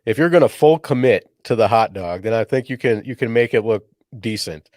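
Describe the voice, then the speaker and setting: A man's voice: fairly low pitch, animated, brisk, darkish tone, dry recording, clean studio sound. A man co-hosting a casual chat show, easygoing and laughing often. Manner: laughs often, drifts into goofy pirate voices. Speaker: podcast co-host.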